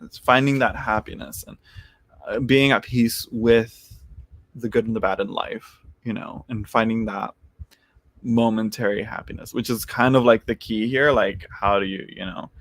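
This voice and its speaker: A man of middle pitch hosting a casual live-stream tarot reading. He talks in a loose, rambling way, restarts his sentences often and laughs easily between thoughts. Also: fairly bright tone, dry recording.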